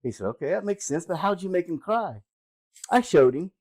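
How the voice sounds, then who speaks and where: An older man hosting a comedy channel, telling dirty jokes in an animated way and laughing at his own punchlines. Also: high voice, moderate pace, low-quality recording. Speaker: joke-telling host. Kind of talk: casual joke telling.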